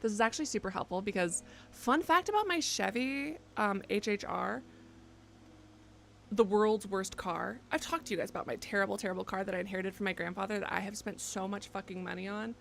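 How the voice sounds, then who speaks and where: A woman in her twenties chatting casually to her live-stream audience, rambling and self-mocking, with sudden loud excited bursts. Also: mid-range voice, fairly quick, creaky, a little hiss or hum. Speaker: game streamer. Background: faint background music.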